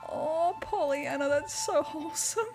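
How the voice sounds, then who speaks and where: A woman's voice: high voice, measured pace, over music. A woman streaming a video game, chatting casually and playfully with lots of giggles. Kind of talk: casual livestream chat while playing a video game.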